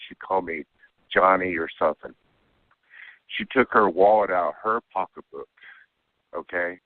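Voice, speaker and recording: A man with a very deep voice tells a long personal story in a casual, rambling way, tagging lines with "okay?". He comes through a narrow, tinny phone line. The sound is dry and close. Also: moderate pace, pauses often, no room sound. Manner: rambling, keeps adding "okay?". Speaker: caller telling an alien abduction story.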